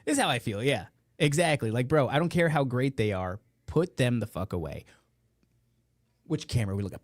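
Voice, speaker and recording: A man hosts a live podcast in a loose, rambling way, full of profanity and sarcastic rants. His voice sits in a middle pitch. The sound is dry and close, with no room echo. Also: lively intonation, fairly quick. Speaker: podcast host. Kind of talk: casual live podcast chat. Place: indoor room beside a meeting room. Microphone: headphones and close studio mic.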